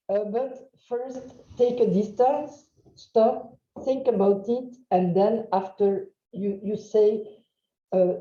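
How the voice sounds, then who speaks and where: A woman with a French accent giving a webinar lecture, halting with many fillers and checking in with "huh?". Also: mid-range voice, mellow. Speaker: webinar trainer. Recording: roomy, dull lo-fi sound.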